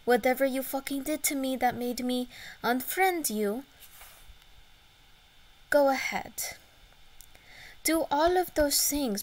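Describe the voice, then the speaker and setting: A woman's voice: high voice, low-quality recording. A woman speaking in a put-on Russian accent, delivering a blunt, cursing vlog rant.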